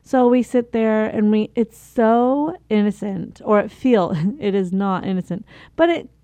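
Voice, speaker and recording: A woman hosts a casual self-help talk, coaching listeners, laughing at herself between remarks and admitting her own struggles. Her voice is medium-pitched and mellow, her pace measured, with no echo.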